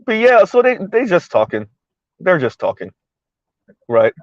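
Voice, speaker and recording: This very animated South Florida vlogger, his voice fairly high, drives through floodwater while chatting unhurriedly to viewers, circling back to the same points and laughing often. His recording is close, echo-free and lo-fi, with a dull, muffled quality.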